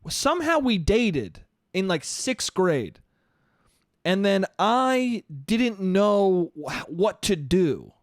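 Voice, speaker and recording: A man in his late twenties holds forth alone on his comedy podcast, cursing freely and telling animated stories. His voice sits a bit high for a man. The sound is dry and close, with no room around it. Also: slow, no room sound. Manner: profane, animated storytelling with put-on voices. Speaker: podcast host. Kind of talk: solo comedic podcast monologue.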